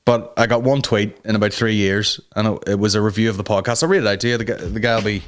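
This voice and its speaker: A man's voice: fairly low pitch, fairly even intonation, fast talker, background noise. A man hosting a comedy podcast alone, rambling and sarcastic with lots of swearing. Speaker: podcast host. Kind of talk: casual comedic monologue.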